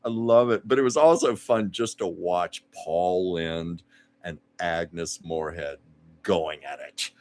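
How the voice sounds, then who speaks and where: A man's voice: deep voice, slow pace. A man hosting a livestream, reading out viewer comments and reminiscing about old TV shows in a chatty way, laughing often. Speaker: livestream host.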